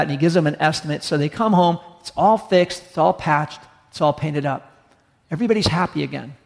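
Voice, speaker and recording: A man preaching a sermon, telling a story and acting out its dialogue, slowing down to stress key points. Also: a little high, vocal fry, in a large hall. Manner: storytelling, acts out dialogue, slows for emphasis. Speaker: pastor.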